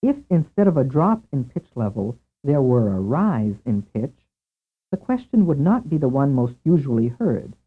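A man narrating a scripted language lesson in a measured way, asking questions and then giving the answers. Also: medium pitch, very animated, slightly rough. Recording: tinny lo-fi tape over a narrow band.

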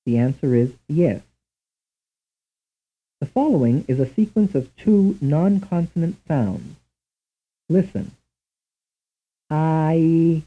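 A man reading a scripted language lesson in a slow, measured, deliberate way, on a tinny old tape recording. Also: a little high, husky. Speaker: language instructor. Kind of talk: scripted programmed-lesson narration.

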